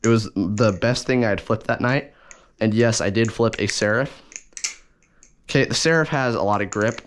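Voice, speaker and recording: A man's voice: fairly low pitch, moderate pace. A man talking casually through an unboxing and review, rambling and correcting himself as he goes, with enthusiasm. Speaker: balisong reviewer.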